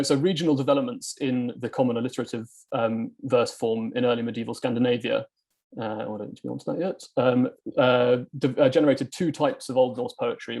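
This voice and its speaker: A man's voice: mid-range voice, a little mellow. A man giving an academic talk to a reading group, hesitant and full of ums and uhs. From England. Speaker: academic presenter.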